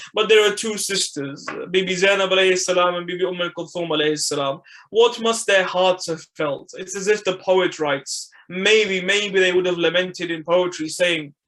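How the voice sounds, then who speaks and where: A man delivers a mournful religious recitation in a high, bright voice. His pitch stays level as he laments with impassioned, dramatic pauses. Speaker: majlis reciter.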